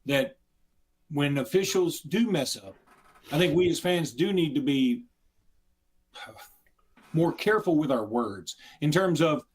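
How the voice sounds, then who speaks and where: Animated co-host man, a bit high. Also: measured pace, pauses often, slightly rough. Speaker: sports talk show co-host. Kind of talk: casual sports talk.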